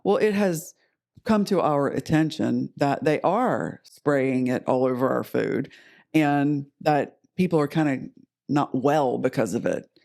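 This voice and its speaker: A man's voice: medium pitch, a little slow, gravelly, a little mellow. A man co-hosting a podcast in casual conversation, asking puzzled questions. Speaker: podcast co-host.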